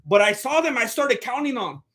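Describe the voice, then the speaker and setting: Streamer host, young man, bright and edgy tone, rambles and restarts as he riffs on the fights. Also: extremely high pitch, sing-song, moderate pace. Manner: rambling, joking, self-interrupting. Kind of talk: casual live-stream fight commentary.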